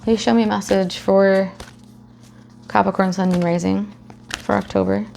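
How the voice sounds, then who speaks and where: A woman's voice: mid-range voice, steady tone, moderate pace, gravelly, a little mellow, a little hiss or hum. A young adult woman giving a casual tarot reading, chatty, swearing freely and acting out silly scenarios. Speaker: tarot reader.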